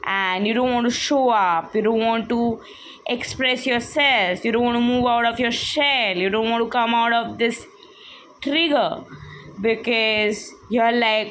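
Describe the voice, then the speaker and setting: A woman's voice: fairly high pitch, measured pace, fairly bright tone, a little hiss or hum. Woman giving a flowing spiritual talk. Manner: explanatory, repetitive, leans on "like" and "literally". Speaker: spiritual teacher. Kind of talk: spiritual teaching monologue.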